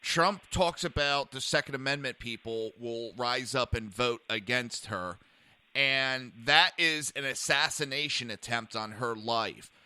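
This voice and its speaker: A man's voice: mid-range voice, measured pace, sharp tone, clean tone. A man hosting a political talk podcast, heated and ranting, often stammering as he restarts. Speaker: podcast host.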